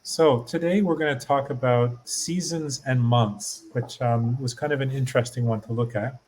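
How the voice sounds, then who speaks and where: A man's voice: medium pitch, fairly even intonation, moderate pace, darkish tone, a little hiss or hum. A man hosting a podcast as a learner, asking eager, curious questions and restarting his sentences as he thinks. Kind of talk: casual podcast chat.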